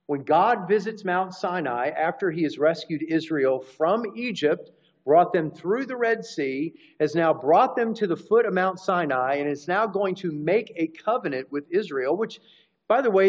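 A man's voice: on the high side, expressive, moderate pace. A man preaching a teaching sermon, explaining scripture and restarting phrases as he goes. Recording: dull lo-fi recording.

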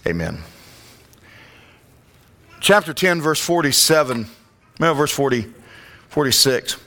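A man preaching a sermon, praying and reading scripture, rising to loud impassioned calls. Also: on the high side, moderate pace. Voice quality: glasses-wearing reader of scripture. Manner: rises to loud impassioned calls when quoting.

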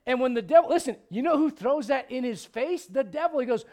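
The speaker is a middle-aged pastor giving a midweek Bible study sermon. He's conversational and full of energy, jumping into quick humorous asides to the congregation and hitting some points with high-pitched bursts.

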